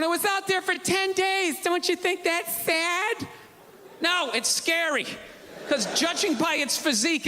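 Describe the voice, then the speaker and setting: High-pitched, ranting stand-up comedian. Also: male voice. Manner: ranting, sarcastic, shouting punchlines. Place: comedy stage before a live audience. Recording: live stand-up with loud crowd and room noise.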